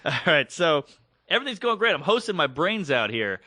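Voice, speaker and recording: A man with a fairly high, bright voice tells a story on a podcast, animated and chatty, acting out the voices of other people. The sound is dry and close to the mic, with no room echo. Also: a little fast. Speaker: podcast co-host. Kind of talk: casual storytelling chat.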